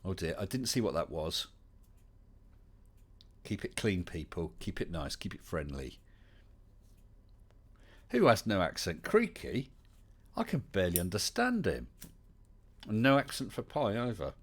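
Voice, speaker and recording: A man's voice: low voice, very animated, moderate pace, long pauses, breathy edge. A man with an English West Country accent hosting a casual livestream chat, chatty and welcoming, with many fillers. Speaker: livestream host.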